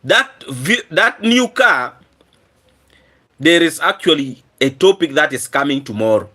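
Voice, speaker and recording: A hoarse man chatting on his live stream, his raised voice sharp and bright despite the rough throat. He keeps clearing his throat and thanks viewers over and over in an earnest, repetitive way. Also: a little high, lively intonation, measured pace.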